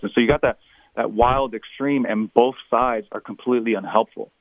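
A pastor in an interview, explaining his views earnestly and at a measured pace. His voice sits fairly low. It comes through a thin, tinny phone line with no room sound. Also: steady tone, dry recording. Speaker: pastor and author.

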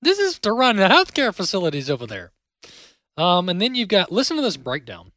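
A male talk show host delivers opinionated commentary with heavy sarcasm. His voice sits high and swings widely in pitch, with a bright edge. The sound is dry and close to the mic. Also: a little fast, no echo. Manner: sarcastic and animated.

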